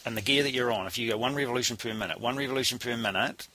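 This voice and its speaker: Cast a rapid-fire, sharp-voiced New man in his forties, a blunt swearing coach. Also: medium pitch. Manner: blunt, salty storyteller, swears freely. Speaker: cycling coach. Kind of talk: casual anecdote in conversation.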